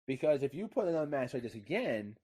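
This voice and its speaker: Man, casual wrestling talk, profane, animated pitch, voice spikes when riled. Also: fast, breathy edge. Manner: profane, gets loud and high-pitched when worked up. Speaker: podcast co-host.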